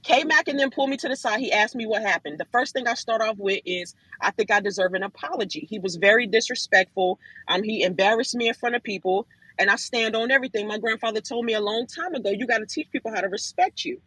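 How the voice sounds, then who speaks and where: A woman recounts a falling-out to her audio room, animated and emphatic, turning to her listeners with y'all again and again. Her voice is bright and a little husky. The sound is dry and close. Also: on the high side, quick pace, no echo, rough recording. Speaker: room host telling her side of a dispute. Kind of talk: casual storytelling on a live audio chat room.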